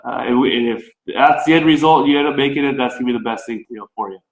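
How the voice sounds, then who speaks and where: An American man, a baseball coach, speaks as a podcast guest in a mid-pitched voice. His speech echoes in a roomy space. He talks in a relaxed, conversational way, thinking his ideas through out loud. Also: rapid-fire. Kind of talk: podcast interview.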